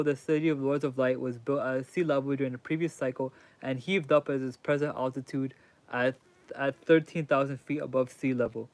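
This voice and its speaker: A man reading a book aloud haltingly on stream, breaking off to chat casually with his viewers. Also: on the high side, no echo. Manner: reads haltingly, chatting with viewers. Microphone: mic crackles when he leans in.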